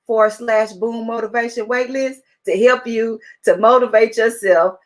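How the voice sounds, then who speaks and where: An upbeat woman with a fairly high voice, pitching motivation to listeners on a call. She talks with excitement and keeps pressing the same point. Her voice comes through call audio. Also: moderate pace. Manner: excited, upbeat, repetitive urging. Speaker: motivational speaker.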